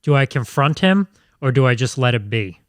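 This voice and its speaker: A man's voice: medium pitch, expressive, normal speed, dry recording. Brief: male podcast co-host, dry close sound, reads listener questions.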